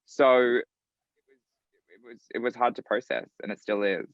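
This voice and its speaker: A man with an Australian accent, a drag performer talking as a guest in a casual interview, animated and quick to laugh. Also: medium pitch, dry recording, lo-fi sound. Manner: animated, laughing, acts out quotes.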